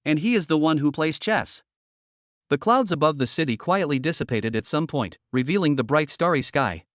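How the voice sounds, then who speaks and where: Steady male novel narrator. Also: fairly high pitch, moderate pace, no echo, clean studio sound. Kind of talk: scripted audiobook narration.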